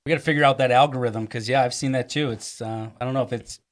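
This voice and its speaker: A man's voice: mid-range voice, steady tone, fast. A man appearing as a guest co-host on a casual livestream chat, laid-back and joking at his own expense. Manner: laid-back, self-deprecating humor.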